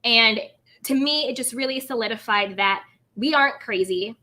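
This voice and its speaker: A woman's voice: a little high, moderate pace, bright, forceful tone. A woman hosting a livestream, chatting casually about reality-show drama and greeting viewers in the chat by name. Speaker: host.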